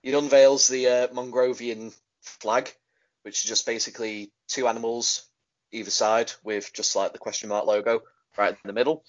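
A man's voice: medium pitch, level tone, moderate pace. Casual man recapping, dull lo-fi sound. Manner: rambling, filler-heavy, laughs easily. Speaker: podcast host recapping a wrestling show. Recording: dull lo-fi audio.

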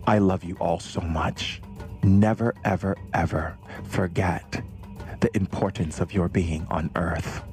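A man's voice: low-pitched, steady tone, measured pace, a little mellow, soft background music. A man hosting a podcast, giving an effusive, affectionate spiritual monologue. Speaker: podcast host.

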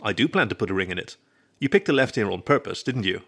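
A man voicing a gentle, mischievous young male raccoon in a storybook reading, speaking in a reassuring, teasing way. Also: lowish voice, expressive, fast talker, creaky, breathy edge, full character voice. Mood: tender.

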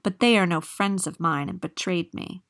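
A woman's voice: lowish voice, moderate pace, vocal fry, a bit bright. A woman voicing a sullen, complaining enchanted mare in a storybook reading. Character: sly enchanted mare, female.

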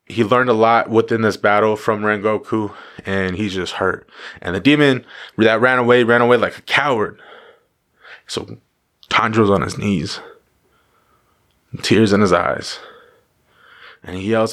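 A man with a lowish voice talks straight to his viewers in a loose, casual pep talk. He hammers his points home by repeating phrases, and he drops a swear word here and there. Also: steady tone, a little slow, pauses often, fairly bright tone. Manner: emphatic repetition, casual profanity. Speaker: motivational vlogger.

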